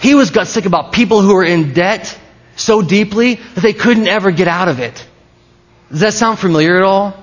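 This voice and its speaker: A man preaching in a loose, conversational style, breaking off and restarting his sentences. His voice sits a little on the high side, and the recording sounds somewhat dull and lo-fi. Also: moderate pace. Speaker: pastor. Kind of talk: sermon.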